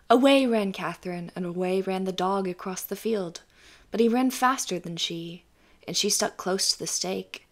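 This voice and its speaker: Calm woman reading a bedtime story. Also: mid-range voice. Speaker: audiobook narrator. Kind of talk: scripted bedtime story narration.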